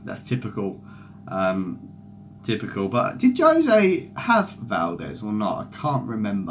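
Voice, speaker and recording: A man's voice: on the low side, huge pitch swings, measured pace, fairly bright tone, slight background noise. A young man chatting loosely on a football fan stream, swearing a lot and reading out viewer comments. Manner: sweary, rambling, reads out chat comments. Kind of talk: casual live-stream chat.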